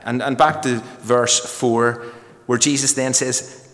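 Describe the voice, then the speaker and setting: Guy preaching a sermon, emphatic, slows way down on key lines, long echo like a big church. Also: medium pitch, a bit bright. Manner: emphatic, varied pace with slow dramatic pauses.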